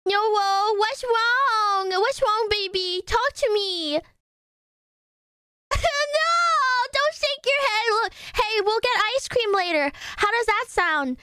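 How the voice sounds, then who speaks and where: A young woman streamer with a very high, bright voice, recorded close and dry. She talks loudly and playfully, throwing in dramatic outbursts. It is casual stream chat. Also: lively intonation, takes it slowly, dry recording.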